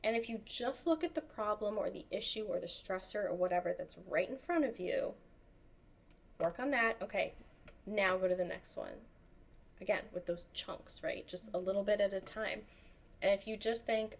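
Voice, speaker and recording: A woman chatting as an interview guest, animated, acting out the voices of people she quotes. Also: medium pitch, normal speed. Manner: animated storyteller, acts out quotes. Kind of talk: casual interview chat.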